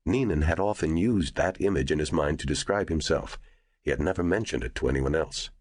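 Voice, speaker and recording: A man narrating an audiobook in a measured storytelling voice. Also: extremely low pitch, a little mellow, dry recording. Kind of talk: scripted narration.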